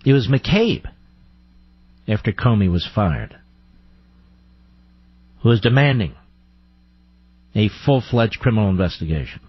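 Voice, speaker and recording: A man's voice: on the low side, sing-song, a little slow, pauses often, breathy edge, dry recording, muffled recording. A male radio talk show host giving combative, sarcastic commentary, firing off rhetorical questions. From United States.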